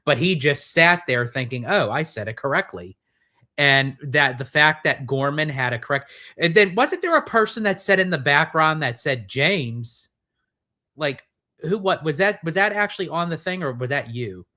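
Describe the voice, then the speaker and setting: Bright-voiced man co-hosting a live stream. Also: fairly high pitch, expressive, moderate pace. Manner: earnest, talks in run-on restarts. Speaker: co-host. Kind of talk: casual live-stream chat.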